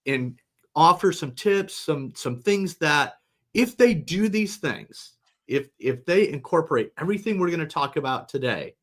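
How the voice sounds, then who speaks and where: A middle-aged man, a company founder, talking casually as a webinar guest, relaxed and rambling with restarts. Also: a little high, a little slow.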